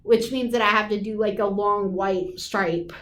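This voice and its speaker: A woman's voice: medium pitch, steady tone, moderate pace, a little hiss or hum. A woman in her thirties co-hosting a casual chat, talkative and self-deprecating with lots of fillers. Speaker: podcast co-host.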